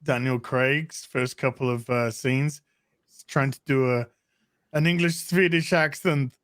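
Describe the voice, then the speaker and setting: Bright, dry-sounding joking man. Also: mid-range voice, steady tone, measured pace, dry recording. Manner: joking, irreverent. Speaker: panel guest. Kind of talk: casual panel chat.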